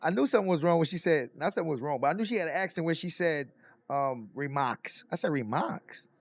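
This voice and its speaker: A man hosting a casual reaction stream, chatty and excitable, reacting to trial footage. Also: a little high, very fast, no echo. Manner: excitable, chatty, laughs often.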